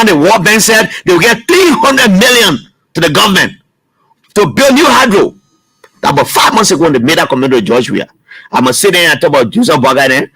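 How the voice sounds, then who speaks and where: A man's voice: on the high side, sharp tone, slightly rough, dry recording, poor audio. A man with a Liberian English accent hosting a call-in radio talk show, arguing hard and repeating words.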